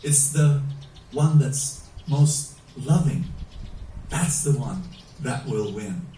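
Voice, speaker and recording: A man preaching a sermon in an animated, emphatic way, asking his listeners many rhetorical questions. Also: mid-range voice, takes it slowly, a little hiss or hum. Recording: echoey room, mic at a distance.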